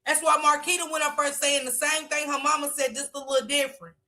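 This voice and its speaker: A woman giving casual livestream commentary in an animated way, laughing and talking back at the footage. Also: high voice, fast.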